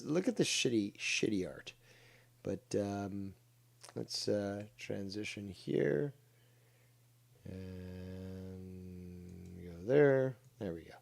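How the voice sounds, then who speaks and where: A man's voice: on the low side, gravelly, darkish tone, dry recording. A man commenting on online drama during a livestream, mocking, sarcastic and full of profanity.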